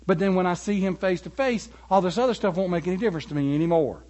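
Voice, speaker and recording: A man preaching a sermon, animated and building to emphatic peaks. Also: sits high, fast talker.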